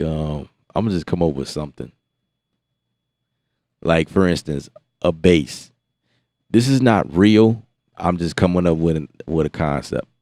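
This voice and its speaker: A very deep-voiced American man talking loosely to his stream, animated and exasperated, restarting and repeating words as he goes. His voice sounds close and dry, with no room around it. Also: dry recording. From United States. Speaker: beat-making livestream host. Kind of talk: casual livestream chat.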